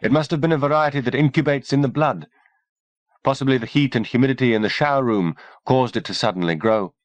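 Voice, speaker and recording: A man's voice: mid-range voice, fast, no echo, voice pushed up, natural voice. A man voicing a composed woman doctor with a semi-posh English voice, cool and slightly mocking, in an audiobook reading. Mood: cool, poised.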